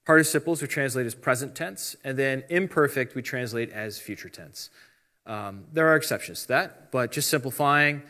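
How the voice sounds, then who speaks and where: Bright-voiced man teaching Bible conversationally. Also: mid-range voice, normal speed. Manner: conversational, explains step by step, reads out translations. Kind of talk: casual teaching talk.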